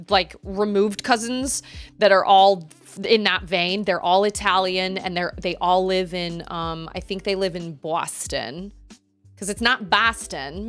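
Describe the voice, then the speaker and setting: A woman livestreamer telling a story in a rambling, animated way, laughing often. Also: mid-range voice.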